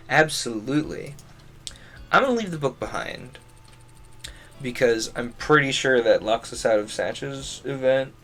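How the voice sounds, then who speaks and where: A man's voice: mid-range voice, a bit bright. Man reading a game aloud. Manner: chatty, amused asides between read lines. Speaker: streamer. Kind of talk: reading a visual novel aloud with commentary.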